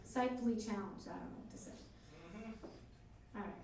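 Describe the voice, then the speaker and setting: A woman's voice: medium pitch, normal speed, gravelly. A woman doing a stand-up comedy set as host on a club stage, with crude punchlines and chatty asides to the crowd. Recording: echoey club from a distance with crowd noise.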